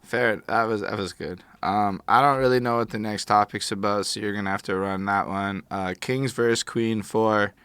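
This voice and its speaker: A man's voice: on the low side, steady tone, normal speed, hardly any pauses, a bit bright, clean tone, no echo. A young man co-hosting a podcast in casual chat, laid-back, often giving short replies. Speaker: podcast co-host.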